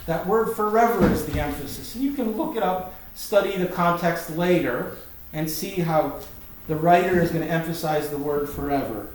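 A man's voice: fairly high pitch, normal speed, a little hiss or hum. A man teaching a Bible sermon in a conversational, emphatic manner. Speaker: preacher. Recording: very echoey room, mic far off.

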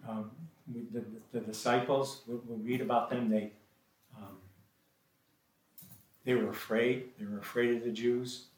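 A man's voice: medium pitch, little pitch movement, a little slow, pauses often, darkish tone, a little hiss or hum. A man preaching a sermon and reading scripture, often hesitating with repeated words and ums. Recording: echoey room from a distant mic.

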